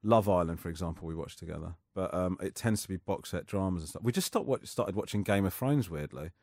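A man's voice: sits low, expressive, fast talker, a little mellow, no echo. A man, chatting as a comedian guest in a rambling, self-mocking way, often laughing. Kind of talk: casual interview chat.

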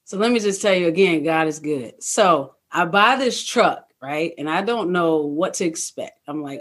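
A guest in a casual interview, telling stories in an animated way, acting out past thoughts and leaning on fillers like "you know what I mean". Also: mid-range voice, normal speed, hardly any pauses. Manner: animated, acts out own past thoughts in quotes. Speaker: guest, truck owner-operator.

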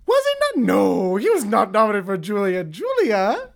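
A man's voice: sits high, wildly swooping pitch, normal speed, creaky, full character voice. Man playing a vain, swooping old lady chef. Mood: scornful. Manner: theatrical, swooping, insulting. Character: grandiose older female celebrity chef, vain and vicious. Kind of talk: improvised comedy podcast impression.

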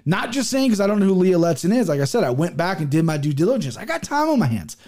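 A man's voice: high voice, big pitch swings, fast talker, a little mellow. A young man giving casual MMA betting picks, profane and rambling, with many restarts. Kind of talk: casual solo picks show.

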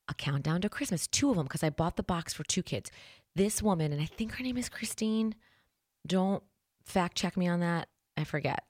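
A woman in her thirties hosting a morning show from her studio, chatty, self-deprecating and excitable. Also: low voice, dry recording. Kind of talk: casual chat.

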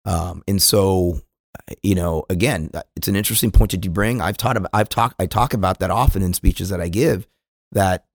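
A middle-aged man from California speaks as a police chief in a podcast interview. His voice sits low, and the sound is dry with no room around it. He talks earnestly, often starting a phrase twice before getting it out. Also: moderate pace, vocal fry, dry recording. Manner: earnest, repeats words when starting sentences.

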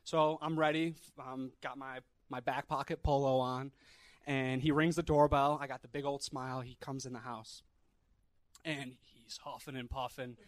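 A man's voice: mid-range voice, fairly even intonation, normal speed, no echo. A man co-hosting a live podcast show, telling a long anecdote in a rambling way, with frequent restarts. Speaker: podcast co-host.

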